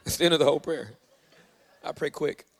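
A man's voice: on the high side, a little fast. A man preaching a sermon as pastor, emphatic and urging the audience, often repeating himself. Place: church hall. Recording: echoey hall.

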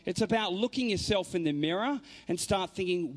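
Male inspirational speaker: higher voice, very lively delivery, dramatic hushed-to-loud storytelling. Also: normal speed. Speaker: motivational speaker. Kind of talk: inspirational faith talk.

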